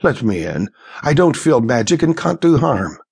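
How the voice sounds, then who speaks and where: A man's voice: mid-range voice, big pitch swings, normal speed, gravelly, a little mellow, husky, pitched above the performer's own voice, full character voice. A man voicing a tall, non-human male trickster with a British accent and a pleading, whiny way of talking. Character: tall male fae trickster, wicked humor.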